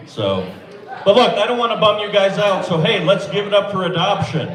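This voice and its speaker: Guy doing deadpan standup, kinda high voice, echoey club, crowd laughing. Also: moderate pace, far from the mic. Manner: deadpan, self-deprecating delivery. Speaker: stand-up comedian. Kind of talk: open-mic stand-up set. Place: small comedy club or bar.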